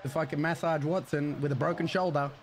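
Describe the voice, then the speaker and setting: Excitable man streaming a football game. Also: on the high side, a little fast. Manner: loud, excitable trash talk. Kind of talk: casual game commentary.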